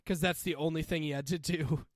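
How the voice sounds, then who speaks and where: A man co-hosting a casual movie review podcast, joking and quick to laugh. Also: on the high side, steady tone, no echo, clean studio sound. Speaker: podcast co-host.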